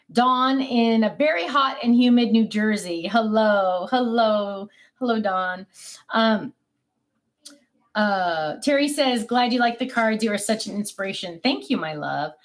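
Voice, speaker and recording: A middle-aged woman with a slightly high voice chats on a casual live stream. She gushes warmly over cards and reads viewer comments aloud. Her talk is loose and friendly, full of fillers.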